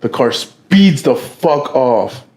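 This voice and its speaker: A man's voice: mid-range voice, animated, slow, a little mellow. A young man co-hosting a podcast, telling a story among friends in a casual, profane, slangy way and acting out the quoted dialogue. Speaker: podcast co-host.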